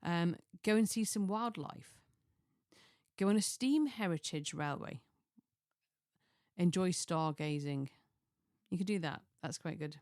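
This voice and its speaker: A middle-aged woman chats in a relaxed, rambling way, doubling back on herself and chuckling at her own asides. Her voice sits slightly low. The recording is dry and close, with no room sound. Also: a little slow, long pauses, dry recording. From Chester, England. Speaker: lifestyle vlogger. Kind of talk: casual chatty monologue.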